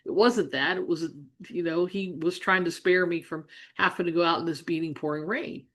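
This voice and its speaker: In this storytelling monologue, a middle-aged Ohio woman who works as a business coach earnestly recalls growing up on a farm, with many restarts and side comments. She speaks at a moderate pace in a lowish voice with fairly even intonation.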